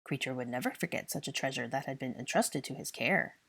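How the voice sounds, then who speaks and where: A woman voicing a fussy, servile old male house elf who croaks and talks in odd third-person grammar. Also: sits low, sing-song, moderate pace.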